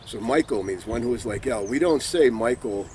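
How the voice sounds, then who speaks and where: Man, Bible teaching, earnest, repeats points, middle pitch, faint background noise. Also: animated, normal speed, mellow. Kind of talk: informal religious teaching. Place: sitting somewhere in Israel.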